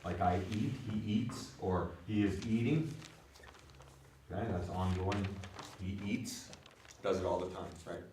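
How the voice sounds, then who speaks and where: In a low, dark-toned voice, a male language teacher speaks unhurriedly and leaves long pauses. He explains vocabulary in steps, checking on his students with repeated questions like "you know what I mean?" The echoey classroom is recorded from far off, with slight background noise.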